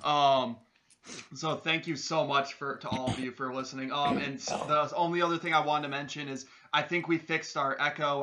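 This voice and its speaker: A man's voice: medium pitch, bright, forceful tone. A young man co-hosting a podcast, chatting casually in an upbeat way with frequent laughs. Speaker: podcast co-host. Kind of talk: casual chat.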